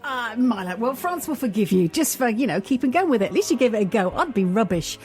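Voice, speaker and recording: A female co-presenter with a mellow, dark-toned voice pitched a little high. She gives frank advice in a relaxed, halting way, with faint music in the studio behind her. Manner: frank, hesitant advice with fillers. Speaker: radio co-presenter. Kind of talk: casual studio banter. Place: radio studio.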